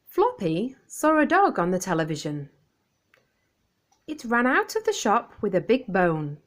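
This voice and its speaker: A woman reading a children's picture book aloud, clear and expressive for young listeners. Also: mid-range voice, measured pace. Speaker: storyteller.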